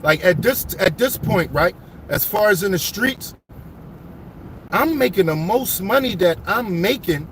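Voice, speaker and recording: A man telling his life story to viewers as he drives around his old city neighborhood, animated and full of street slang. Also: high voice, measured pace, a little hiss or hum.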